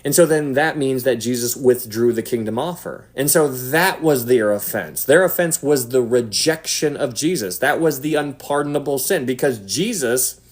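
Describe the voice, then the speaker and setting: A man giving casual Bible teaching to an online audience. He talks in an animated way and drops to a hushed voice for emphasis. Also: medium pitch, normal speed, hardly any pauses. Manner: animated, acts out quotes, drops to a hush for emphasis.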